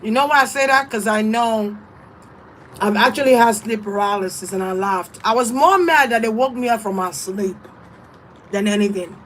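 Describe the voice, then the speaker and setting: Woman, tarot reader, blunt and profane, emphatic, a bit high, faint hiss behind. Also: normal speed, fairly bright tone, rough recording. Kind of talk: casual spiritual advice.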